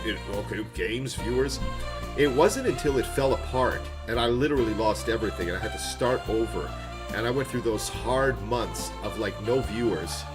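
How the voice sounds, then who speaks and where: A man in his thirties, a streamer, chatting casually to his viewers in a heartfelt, rambling way, repeating words and getting choked up. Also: medium pitch. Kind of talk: casual livestream sign-off chat. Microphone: desk microphone. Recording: guitar music playing behind.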